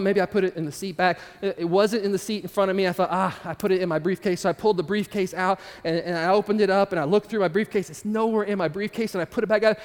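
Male preacher with a high voice, telling a story in a chatty way to a crowd, long reverb of a hall. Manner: conversational, addresses audience with asides. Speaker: speaker addressing an audience. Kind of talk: storytelling sermon.

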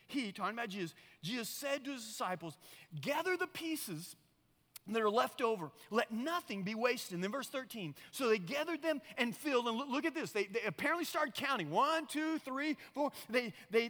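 Middle-aged male pastor, very high bright voice, animated and folksy. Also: long reverb tail. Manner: animated storytelling, folksy asides. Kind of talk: sermon.

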